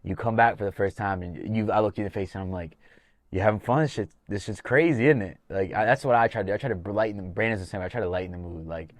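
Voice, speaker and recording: A man with a fairly low voice tells fight stories on a casual podcast. He is animated and swears freely, acting out what was said in the corner. The sound is dry and close. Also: rapid-fire, hardly any pauses, no room sound. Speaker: podcast host and MMA coach.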